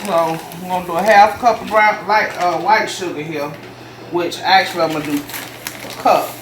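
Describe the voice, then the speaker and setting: With a mid-range voice, fairly even intonation and a moderate pace, a Southern-accented home cooking host from Jacksonville, Florida, explains a recipe step by step. They talk to viewers as y'all in a chatty, folksy manner, recorded off-mic in a roomy kitchen with a faint background hum.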